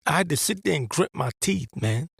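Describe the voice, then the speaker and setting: A man's voice: on the high side, animated, brisk, creaky, fairly bright tone, slightly rough, no echo, studio quality. A man giving a blunt, profane religious monologue as host, in an exasperated and crude manner. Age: adult veteran.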